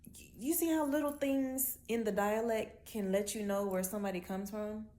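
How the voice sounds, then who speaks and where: A woman from Miami with a Miami accent, ranting bluntly and with lots of swearing in a casual monologue. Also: mid-range voice. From Miami, Florida. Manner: blunt, profane, animated storytelling with drawn-out words. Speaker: vlogger.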